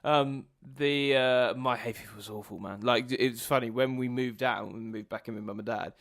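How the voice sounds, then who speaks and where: A man's voice: mid-range voice, fairly even intonation, a bit bright, no echo, clean studio sound. A man co-hosting a podcast, chatting casually and swearing now and then. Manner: casual, swears, quick reactions. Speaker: podcast co-host.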